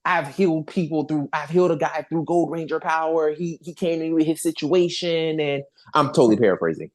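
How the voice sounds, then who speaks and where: A podcast host in casual chat, talking in an animated, rambling way with frequent restarts and swearing. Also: mid-range voice, brisk.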